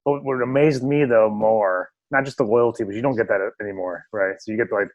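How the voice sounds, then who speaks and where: A man co-hosting a podcast in casual chat, animated, with quick asides. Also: on the low side, dry recording, highs cut off. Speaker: podcast co-host.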